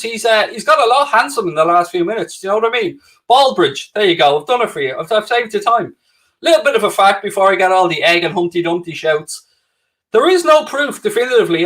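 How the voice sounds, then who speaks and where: Upbeat young Irish streamer, slightly high voice, jokey self-mocking chat with viewers. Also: male voice, a bit bright. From Ireland. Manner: cheerful, chatty, self-mocking banter. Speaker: livestream host. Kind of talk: casual live chat reading viewer comments.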